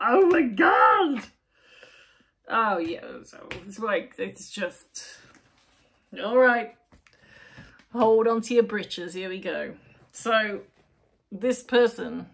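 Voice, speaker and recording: A woman tarot reader and channel host reads cards to camera at home, lit by her computer. She's chatty, rambling and emphatic, often breaking off mid-sentence. Her medium-pitched voice is animated and a bit bright, with vocal fry; she speaks extremely slowly and pauses often.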